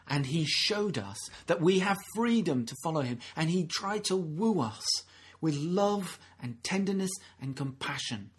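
A man's voice: fairly high pitch, expressive, a little slow, husky. A man preaching a sermon in an earnest, conversational way, often restarting his sentences and acting out the people he quotes. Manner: earnest, acts out quoted speakers, frequent restarts.

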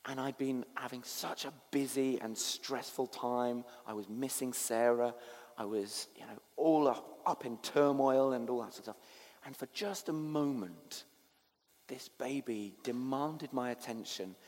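A man preaching a sermon as pastor, telling a story that swings between hushed and animated. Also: medium pitch, measured pace, in a large hall.

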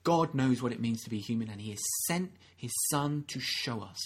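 Expressive and husky, a mid-range male voice preaches at a moderate pace. The sermon is earnest and conversational, full of restarted sentences and acted-out quotations.

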